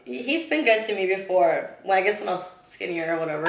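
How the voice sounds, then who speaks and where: A woman's voice: medium pitch, animated, quick pace, creaky, reverberant, a little hiss or hum. A tipsy young woman vlogger in her twenties, rambling through gossip with lots of giggles and "like". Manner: giggly, rambling, heavy use of "like". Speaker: beauty vlogger. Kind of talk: casual tipsy gossip chat.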